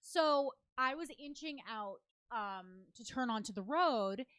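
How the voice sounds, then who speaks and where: Animated high-voiced woman host. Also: slow, no echo, clean studio sound. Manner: animated storyteller, acts out quotes. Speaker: comedy show host. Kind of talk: casual comedic chat.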